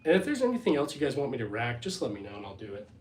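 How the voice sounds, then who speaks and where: A young man hosts a casual live Q&A stream, his voice at an ordinary middle pitch. He talks in a laid-back, unhurried way, trailing off with fillers and shrugging asides while he reads out questions from chat and thanks viewers. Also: wildly swooping pitch, background noise. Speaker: livestream host.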